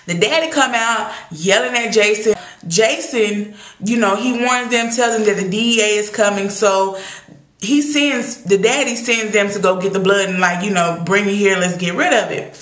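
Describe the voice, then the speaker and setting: A woman's voice: medium pitch, normal speed, a bit bright. A young woman recapping a TV episode in casual, sassy, opinionated talk full of exclamations. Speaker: TV recap vlogger. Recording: echoey room.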